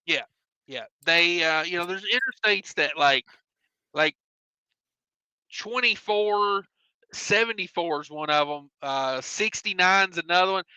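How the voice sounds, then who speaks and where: Bright, sharp-voiced man hosting a live stream. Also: high voice, lively intonation, clean tone, dry recording, poor audio. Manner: easygoing, drawn-out filler sounds, reads chat aloud. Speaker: host of a trucking live show. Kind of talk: casual live-stream chat, reading viewer comments.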